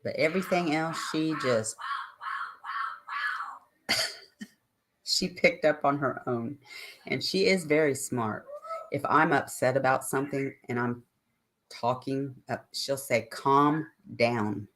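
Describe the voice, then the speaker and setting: A woman's voice: extremely low pitch, slow pace, pauses often, a bit bright. An older woman hosting a live stream, chatting casually and ramblingly with her viewers and answering their comments.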